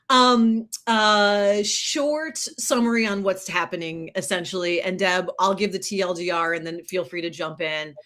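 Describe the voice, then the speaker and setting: A woman co-hosting a casual live chat as a career coach, bubbly and excitable. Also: mid-range voice.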